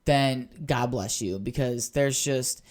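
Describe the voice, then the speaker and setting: Man, solo podcast host, rambling, cussing, excitable. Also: medium pitch, takes it slowly. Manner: rambling, profane, easily worked up.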